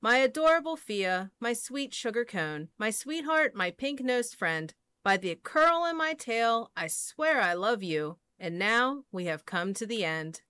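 A woman voicing a soft-hearted male pig in a picture book, speaking in a tender, doting way. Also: on the high side, big pitch swings, measured pace, few pauses, clear, resonant tone, full character voice.

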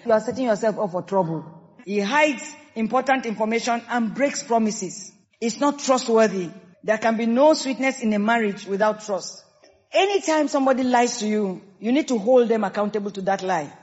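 A woman pastor with a Nigerian accent preaching a sermon, emphatic and lively, acting out quoted people. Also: a little high, moderate pace. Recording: dull sound with long hall reverb.

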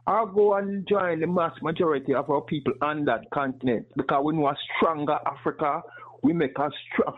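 Male caller with an accent, earnest, persuasive, high voice, husky, on a tinny phone line. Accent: noticeable accent. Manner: earnest, persuasive, rhetorical questions. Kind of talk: call-in radio comment.

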